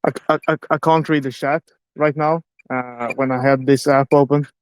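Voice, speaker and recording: A man's voice: medium pitch, steady tone, moderate pace, clear, resonant tone, no room sound. A man on a live ghost-hunting stream, swearing nervously and questioning a spirit box in an old abandoned house. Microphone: handheld phone on a live stream.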